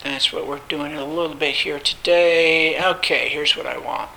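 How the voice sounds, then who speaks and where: A male Bible teacher gives a study lecture in a fairly high voice. His tone is bright and forceful. He repeats phrases for emphasis and stops often on filler sounds, with faint noise behind him. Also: steady tone, normal speed, vocal fry, low-quality recording.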